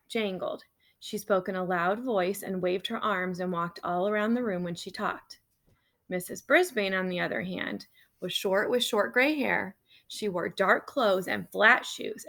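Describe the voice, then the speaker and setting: A woman reading a children's chapter book aloud to kids, lively and expressive. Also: medium pitch, vocal fry.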